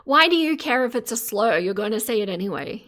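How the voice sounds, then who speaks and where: A woman's voice: fairly high pitch, lively intonation, a little fast, a bit bright, slight background noise. An Australian woman chatting casually on a live stream, laughing often and teasing her chat. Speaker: streamer reacting to videos.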